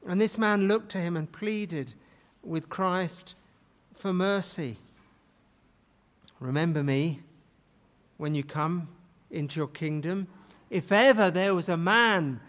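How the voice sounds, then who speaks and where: A man preaching a sermon with dramatic emphasis. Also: high-pitched. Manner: dramatic, acts out quoted pleas with rising intensity. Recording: long hall reverb.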